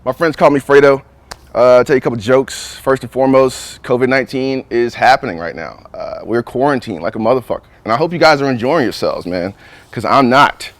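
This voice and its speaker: A man's voice: mid-range voice, a little fast, dry recording. A young man doing a crude, rambling stand-up routine who keeps saying "you know what I'm saying.". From North Carolina. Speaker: stand-up comedian. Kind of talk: profane stand-up monologue.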